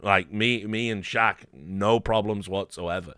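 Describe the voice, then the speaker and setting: A man's voice: on the low side, unhurried, clean tone, no room sound, studio quality. Swearing man telling a story. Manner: animated, swearing, with frequent fillers and quoted voices. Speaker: host. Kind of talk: casual anecdote storytelling.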